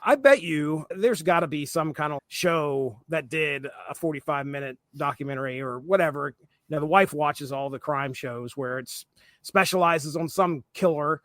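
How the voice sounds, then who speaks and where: A man's voice: on the high side, moderate pace, a bit bright, no echo. A man co-hosting a comics podcast in casual chat, rambling with many fillers and restarts. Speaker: podcast co-host.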